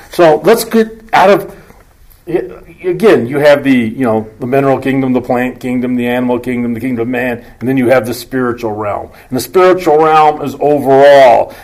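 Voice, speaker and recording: Here a Bible teacher, a man with a mid-range voice, gives verses a slow, emphatic reading before shifting to softer side remarks. Those asides carry dry wit and rhetorical questions, and the recording quality is low.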